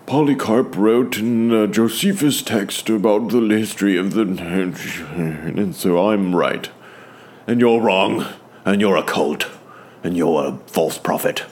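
A man's voice: fairly low pitch, slow pace, a little mellow. A man putting on an English accent to mock a pompous, know-it-all seminary scholar who lectures and accuses. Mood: smug, scornful. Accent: put-on English.

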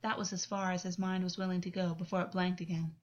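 A woman reading a story aloud as narrator in an even, unhurried way. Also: lowish voice. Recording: dull lo-fi recording.

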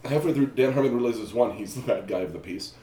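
A man in a casual podcast chat, halting and full of fillers as he builds his point. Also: medium pitch, recorded from a distance, over a noisy crowd. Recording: echoey room, off-mic.

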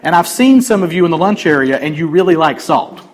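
A man's voice: on the high side, animated, fairly quick. A man preaching a sermon as pastor, conversational and joking with the congregation.

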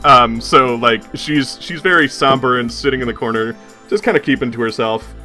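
A man's voice: mid-range voice, moderate pace, sharp tone, soft background music. A man narrating as game master of a tabletop game in a rambling, laugh-prone way. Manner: rambling, filler-heavy, laughing often.

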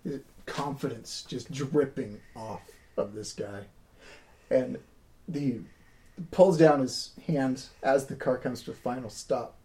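A man narrating a tabletop game as game master, easygoing, with hesitant pauses. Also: mid-range voice, dark tone.

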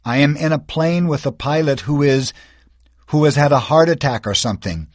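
A man's voice: medium pitch, normal speed, a little mellow, no room sound, clean studio sound, natural voice. A man voicing a terrified thirteen-year-old boy stranded in a plane, pleading for help in an audiobook. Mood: desperate. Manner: pleading, voice cracking with panic. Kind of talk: audiobook character voice.

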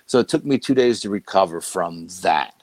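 A man's voice: sits low, moderate pace, no room sound, poor audio. A man, a guest on the show, telling a story casually and acting out the dialogue with "I go" and "she goes". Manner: animated retelling that quotes dialogue with "I go" and "she goes". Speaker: guest recounting a paranormal investigation.

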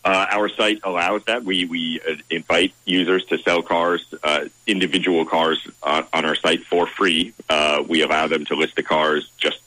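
A man interviewed as a car website's content director, answering in a measured, formal way with many pauses. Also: sits low, level tone, pushed and bright, dry recording, poor audio.

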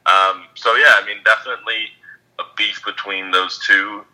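Male co-host with a low, sharp, bright voice, recapping plainly with ums. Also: steady tone, normal speed, poor audio. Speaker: podcast co-host. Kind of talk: casual sports podcast chat, reading tweets aloud.

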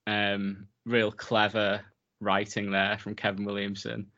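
A man's voice: lowish voice, level tone, measured pace, sharp tone, dull audio. A man in his thirties co-hosting a casual film podcast, enthusiastic and rambling with lots of fillers. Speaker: podcast co-host.

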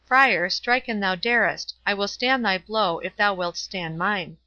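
A steady, teasing knight, unruffled and faintly mocking, as a woman reads him aloud. The voice is bright, heard dry and a little dull. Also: medium pitch, measured pace, dry recording. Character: calm, teasing armored knight, man.

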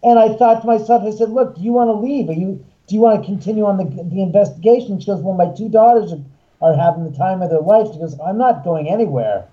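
A man, a haunted house owner and filmmaker, telling an animated story and acting out the voices of the people in it. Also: sits high, fast, highs cut off. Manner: acts out quoted voices, excitable.

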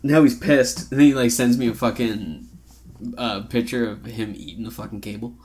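A man's voice: medium pitch, moderate pace. A young man co-hosting a podcast, joking and swearing through a casual chat and telling stories with put-on voices. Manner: profane, joking, animated storytelling. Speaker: podcast co-host.

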